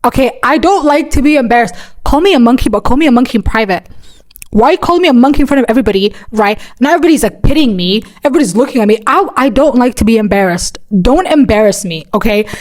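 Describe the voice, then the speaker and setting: Fast-talking chatty young woman. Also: a little high, animated. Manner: rambling, chatty storytelling full of "like" and "right?"; profane, dramatic. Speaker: vlogger. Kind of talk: storytime vlog.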